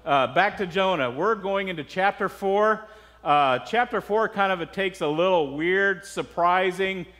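A man's voice: high voice, a bit bright, long reverb tail. A man preaching a sermon as pastor, earnest and conversational, with frequent asides to the congregation.

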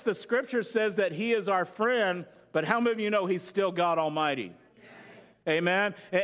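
A pastor with a high, slightly bright voice preaches a sermon with humorous illustrations. He keeps it conversational and asks the congregation questions.

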